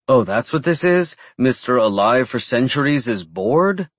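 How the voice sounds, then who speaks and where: A man voicing a small, sharp-tongued female vampire with a brisk, sarcastic manner. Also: medium pitch, animated, no room sound.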